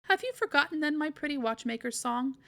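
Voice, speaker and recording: A woman voicing an eccentric older male godfather, a clockmaker, in a grating, monotonous tone in a read-aloud storybook. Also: high voice, gravelly, pitched above the performer's own voice, full character voice. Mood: genial. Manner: sing-song chanting, slowed down.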